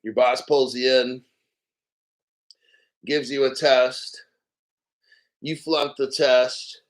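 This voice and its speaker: This man's mid-range voice stays fairly level in pitch, and he draws out his words. Hosting a live stream, he delivers an incredulous commentary rant full of laughter and profanity.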